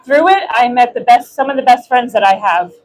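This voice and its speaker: A woman's voice: a little high, animated, brisk, a little hiss or hum, low-quality recording. An American woman giving an impassioned rally speech, emphatic and building through repetition. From United States. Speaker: rally speaker.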